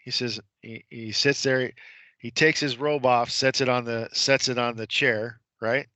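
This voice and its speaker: Male radio guest, mid-pitched and bright, with a dry close sound. Emphatic storyteller who acts out the voices of the people in his story. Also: steady tone, measured pace, dry recording. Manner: retells courtroom scenes, imitating the judge's voice; emphatic, repeats points with rhetorical questions. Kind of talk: conversational storytelling on a radio show.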